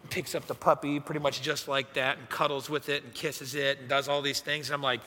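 A young man, a youth pastor, telling a funny personal story in a sermon with animated, self-mocking delivery. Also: medium pitch, a little fast, slight background noise. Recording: echoey hall reverb.

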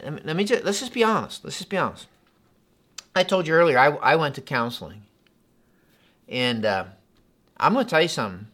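Animated man preaching a sermon. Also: fairly high pitch, a little fast, pauses often. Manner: conversational and animated, with laughs and repetitions. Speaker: pastor.

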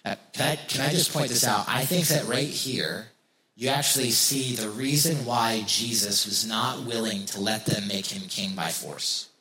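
A man's voice: fairly low pitch, moderate pace, pushed and bright. A man preaching a sermon as pastor, talking casually to his congregation, asking rhetorical questions and repeating key phrases for emphasis. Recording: roomy echo.

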